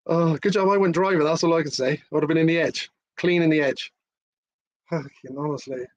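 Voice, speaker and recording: A middle-aged Englishman hosts a live stream at a quick pace in a slightly raised, somewhat high voice. He chats loosely, laughs, swears freely, and reads out and answers viewer comments. The sound is dry and close, with no echo and little room.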